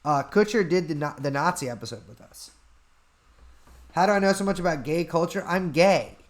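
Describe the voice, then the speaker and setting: Man, podcast host, casual livestream chat, deadpan, slightly high voice, desk mic. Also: normal speed. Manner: offhand, deadpan, reads and answers questions.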